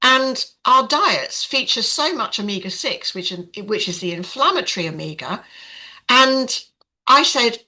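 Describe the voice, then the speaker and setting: Older woman, chatty, lots of ums, bright tone. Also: fairly high pitch, lively intonation, measured pace, low-quality recording. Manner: frank, chatty, many fillers. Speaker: podcast guest. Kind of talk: casual storytelling.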